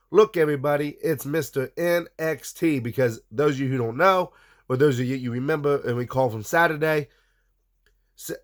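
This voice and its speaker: Man, recap host, casual review, blunt opinions, speaks to viewers, average pitch. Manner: opinionated, talks straight to viewers. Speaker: wrestling show recap host.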